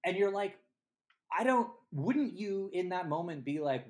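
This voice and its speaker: A podcast co-host in casual movie review chat, animated and acting out scenes from the film. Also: mid-range voice, measured pace. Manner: animated, acts out scenes in quoted voices.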